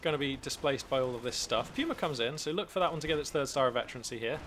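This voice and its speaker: Guy streaming live commentary on a strategy game, mid-pitch voice, chatty, keeps restarting his sentences, bit of faint noise behind. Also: fast. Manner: animated, chatty, thinks aloud with frequent restarts.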